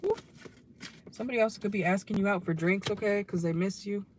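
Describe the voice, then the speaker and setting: A young adult tarot reader speaking in a voice that is going hoarse, recorded on a phone inside a car. The delivery is loose and chatty, full of asides, with a questioning "okay?" tacked onto most phrases. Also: mid-range voice, a little fast, slight background noise. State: losing voice, hoarse. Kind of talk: casual tarot reading to viewers.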